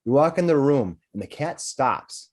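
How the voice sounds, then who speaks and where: A man's voice: mid-range voice, lively intonation, normal speed, a little mellow. A man narrating a tabletop game as game master, rambling with frequent restarts. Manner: rambling, restarts, laughs often.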